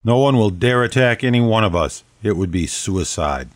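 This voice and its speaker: A man's voice: lowish voice, animated, normal speed, dry recording, studio quality, natural voice. A man voicing a regal ancient vampire queen. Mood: firm. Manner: bold, stately, proclaiming. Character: regal ancient female vampire leader, commanding. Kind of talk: audiobook character voice.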